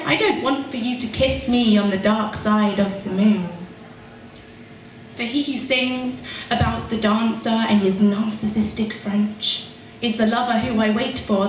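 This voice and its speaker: A woman's voice: on the high side, a little hiss or hum. A young woman performing her spoken word poetry at a pub open mic, with rhythmic, emphatic delivery. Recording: echoey room recorded from far off.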